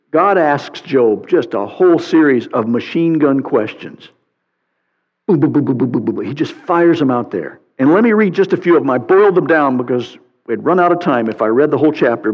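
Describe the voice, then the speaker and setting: A man preaching a sermon as a pastor, reading scripture aloud in an animated way with playful sarcasm. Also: fairly high pitch. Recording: muffled sound with long hall reverb.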